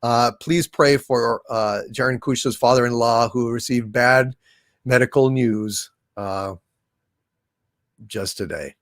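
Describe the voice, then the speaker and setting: A man hosting a live stream, reading super chats aloud in a casual, halting way with many fillers. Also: medium pitch, fairly even intonation, fairly bright tone, no room sound, clean studio sound. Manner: sings slowly.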